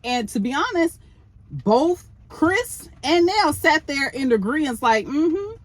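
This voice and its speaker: A woman's voice: high-pitched, very animated, takes it slowly, dry recording. Blunt, exasperated woman commentator. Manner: blunt, exasperated, talks to the show's people directly. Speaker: reality TV recap commentator. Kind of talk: casual opinionated commentary.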